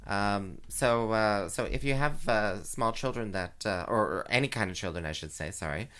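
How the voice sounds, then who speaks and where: A man doing drag, hosting a chat show, talking casually with many fillers and giggles, and jumping into high sing-song voices. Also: normal speed, fairly bright tone, clear, resonant tone. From Canada. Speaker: drag queen radio show host. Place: home, recorded live.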